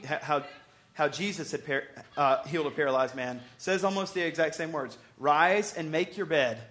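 A man preaching an expository sermon in a conversational way. His voice sits a little high for a man. He stumbles and restarts often, then pushes hard on key points. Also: fairly bright tone. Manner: conversational, with bursts of emphasis and acted-out quotes; restarts and stumbles over words. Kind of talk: sermon, expository Bible teaching.

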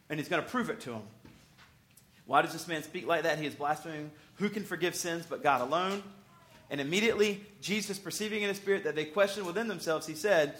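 A man preaching an expository sermon in a conversational way. His voice sits a little high for a man. He stumbles and restarts often, then pushes hard on key points. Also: a little fast, a bit bright. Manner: conversational, with bursts of emphasis and acted-out quotes; restarts and stumbles over words. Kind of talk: sermon, expository Bible teaching.

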